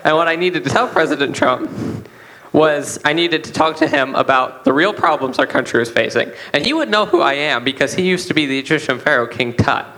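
Young guy recounting a story, quoting people back and forth, tense bright tone. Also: on the high side, brisk, poor audio. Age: young adult. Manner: animated anecdote with quoted dialogue. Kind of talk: church testimony storytelling.

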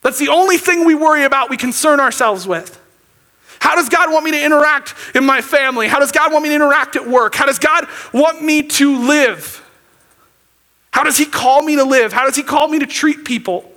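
A man preaching with a very high voice. He talks to the congregation in a loose, chatty way, checking in with "okay?" and rising to emphatic near-shouts. His tone is bright and forceful. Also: brisk. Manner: conversational, often checks in with "okay?". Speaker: pastor. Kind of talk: sermon.

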